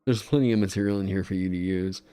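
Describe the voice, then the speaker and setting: A man chatting on a livestream in an excitable way, swearing freely and breaking into laughter. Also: low voice, quick pace, smooth, soft background music. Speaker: streamer designing game content. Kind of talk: casual livestream chat.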